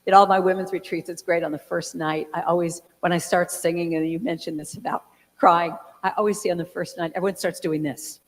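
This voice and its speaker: A woman's voice: fairly low pitch, steady tone, fairly quick. A woman in her sixties talking casually to a church congregation, with a chatty storytelling manner full of fillers and acted-out quotes. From California. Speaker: guest speaker and singer. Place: large church hall. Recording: reverberant hall.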